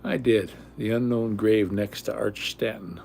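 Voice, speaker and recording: A man's voice: lowish voice, a little slow, vocal fry, darkish tone, a little hiss or hum. An older man hosting a casual livestream from home, talking bluntly and rambling, often repeating himself. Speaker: livestream host.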